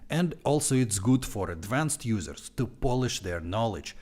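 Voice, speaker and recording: Animated man with a heavy Russian accent. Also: medium pitch, moderate pace. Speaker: online language teacher. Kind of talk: live-stream course walkthrough.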